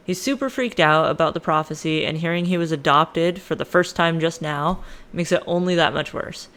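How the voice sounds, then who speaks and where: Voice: mid-range voice, steady tone, brisk, fairly bright tone. A podcast host casually retelling a myth with lots of swearing and modern slang. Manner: profane, slangy, irreverent.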